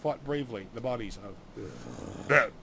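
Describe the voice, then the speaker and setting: This is an earnest young dwarf warrior, played by a man. His voice is bright with a gravelly edge. He speaks with urgency and sincerity. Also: medium pitch, moderate pace, slight background noise, voice pushed down.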